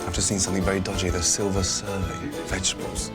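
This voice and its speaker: A man hosting as a chef, blunt and animated, swearing freely as he inspects a restaurant. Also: low voice, fast. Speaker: chef host visiting a failing restaurant. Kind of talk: reality TV walkthrough and commentary. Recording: background music under speech.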